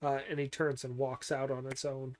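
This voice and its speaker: A man giving a casual, unhurried recap of a cartoon episode, with many pauses and fillers and dry joking asides. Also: medium pitch, flat delivery. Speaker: show recapper.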